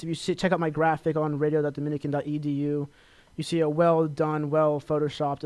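Young la guy hosting college radio, talks super fast, rambly and full of himself, dry close sound. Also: on the high side, a little mellow, dry recording. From Los Angeles, California. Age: young adult. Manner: chatty, rambling, self-promoting with lots of fillers. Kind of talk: casual solo radio talk.

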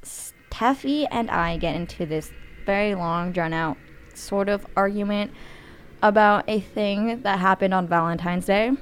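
A woman's voice: medium pitch, unhurried, a little hiss or hum. A woman in a casual chat, talking hesitantly and laughing often.

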